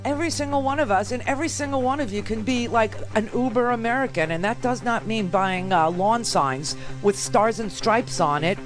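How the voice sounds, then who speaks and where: A woman hosting a political radio talk show, brash and sarcastic, with lots of fillers and quick asides. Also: a little high, music in the background. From New York. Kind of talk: political commentary monologue.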